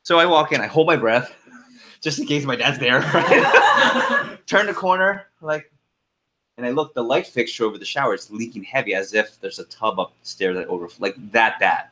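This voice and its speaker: A middle-aged man leading a team conference call, telling a lively story with laughs and then going through the agenda. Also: medium pitch, fairly quick.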